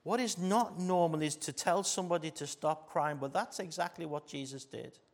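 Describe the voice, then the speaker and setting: A man with an English accent preaching a sermon as pastor, moving between loud emphatic passages and soft intimate ones, often asking the congregation rhetorical questions. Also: fairly high pitch, normal speed.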